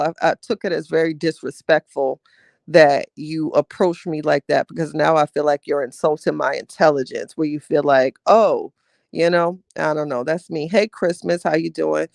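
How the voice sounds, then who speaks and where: A man's voice: a little high, creaky, dry recording, clean studio sound. A man hosting a live podcast, telling a personal story in a candid way and talking straight to his viewers as he reads out their comments. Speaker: podcast host reading live chat. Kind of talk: casual livestream storytelling.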